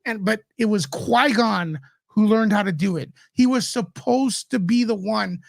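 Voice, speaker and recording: A man's voice: sits high, a little slow, creaky, no echo, clean studio sound. A man who is a guest commentator in a casual podcast chat, ranting with passion and frustration.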